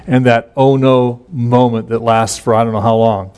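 A man's voice: mid-range voice, little pitch movement, moderate pace, a little mellow, smooth. A middle-aged male pastor gives an informal Bible teaching, talking conversationally with many fillers and restarts and reading scripture aloud.

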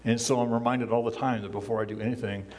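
An older man, a pastor, preaching a sermon from a church pulpit in a relaxed, conversational way, chuckling often and acting out the lines he quotes. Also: mid-range voice, quick pace. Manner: acts out quoted lines in a raised voice.

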